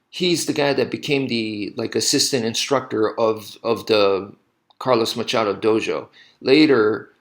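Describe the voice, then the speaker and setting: A man's voice: lowish voice, fairly bright tone. A man casually telling a story to camera, rambling and correcting himself often with lots of "you know" asides. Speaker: martial arts instructor.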